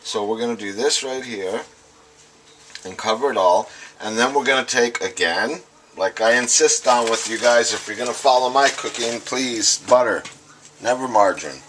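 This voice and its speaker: A man's voice: mid-range voice, moderate pace, fairly bright tone. A man chatting casually to viewers as he demonstrates a home recipe, talking as he works. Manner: chatty, talks to viewers as "guys" while working, with frequent restarts. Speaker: home cooking host. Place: home kitchen. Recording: noisy kitchen clatter. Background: clattering dishes, cutlery and stirring.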